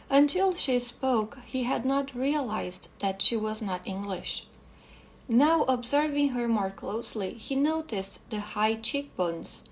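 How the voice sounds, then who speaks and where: A woman English teacher reading a short story aloud slowly and carefully, sometimes restarting a phrase. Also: on the high side, creaky, a little hiss or hum, low-quality recording.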